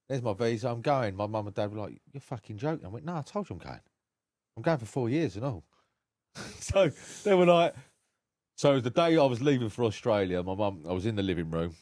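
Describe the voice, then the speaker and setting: A man's voice: low-pitched, darkish tone, no room sound. A man, a podcast guest recounting his life frankly and with feeling, swearing freely. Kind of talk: candid personal storytelling.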